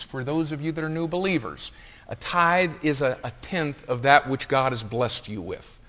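A man preaching a sermon as pastor, swinging from hushed asides to loud, impassioned reading. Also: medium pitch, expressive, normal speed. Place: church sanctuary. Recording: long reverb of a large hall.

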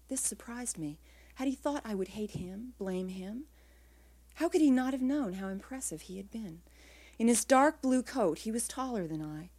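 A woman writer reading her own literary prose aloud in a quiet, measured way, her phrases trailing off softly. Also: medium pitch.

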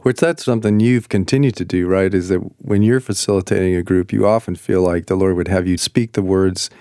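Low, mellow-voiced male host. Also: steady tone, fairly quick, no echo, studio quality. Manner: encouraging, often checks in with the guest. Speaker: podcast host. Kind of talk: casual interview.

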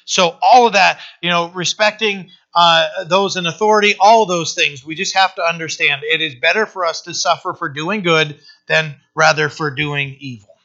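A male pastor preaching a conversational sermon, often pausing with fillers and restarting his sentences. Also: on the high side, bright, forceful tone, lo-fi sound.

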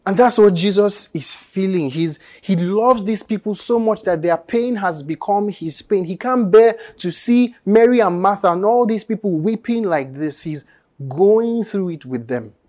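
Brief: Nigerian preacher, thirties, fairly high voice, earnest and conversational with emphatic peaks. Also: male voice, animated, unhurried, a little mellow. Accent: Nigerian English. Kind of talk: sermon.

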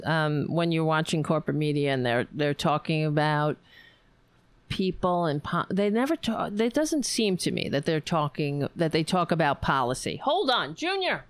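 A woman hosting a live stream, chatting casually in a rambling, halting way, reading viewer comments. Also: deep voice, animated, no room sound. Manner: rambling, halting, laughs often, chatty with cats. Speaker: livestream host.

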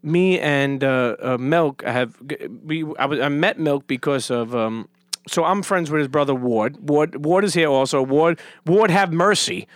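A man hosting a podcast, with a fairly high voice, rambling through a profane story full of restarts and false starts. He sounds close and dry, as if speaking right into the mic. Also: measured pace, clear, resonant tone, dry recording. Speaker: podcast host. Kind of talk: casual podcast chat.

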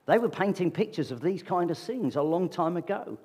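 A man's voice: sits high, animated, brisk, darkish tone, slightly rough. A man preaching a sermon to his congregation in a conversational way, often asking them rhetorical questions. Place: church meeting hall. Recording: long reverb of a large hall.

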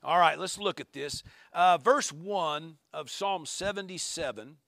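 A man's voice: a little high, a little slow, fairly bright tone, no room sound. A man preaching a sermon, reading psalms aloud and breaking in with emphatic asides and calls of amen and hallelujah. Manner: reads scripture aloud with frequent asides.

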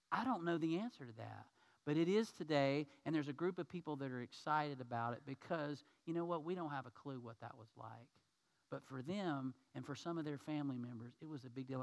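A man preaching a sermon to his congregation, telling a story in a lively way and acting out the people in it. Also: fairly high pitch. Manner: storytelling, acts out quoted people; addresses congregation as y'all. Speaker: pastor.

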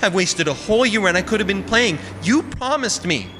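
A man doing a stubborn, flat-voiced small boy. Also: high voice, fairly quick, slight background noise, voice pushed up. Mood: insistent. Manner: flat, insistent, unimpressed. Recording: long reverb with faint music.

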